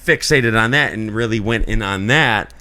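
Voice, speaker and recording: Podcast co-host, male, lowish smooth voice, loose rambling chat with lots of "like"s. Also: moderate pace, pushed and bright. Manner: rambling and earnest, many filler likes. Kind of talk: casual chat.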